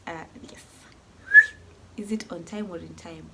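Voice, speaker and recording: A woman's voice: fairly low pitch, fairly even intonation, slow pace, long pauses, noisy background. Emotional young woman. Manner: heartfelt, rambling with restarts. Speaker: vlogger. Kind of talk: emotional personal vlog.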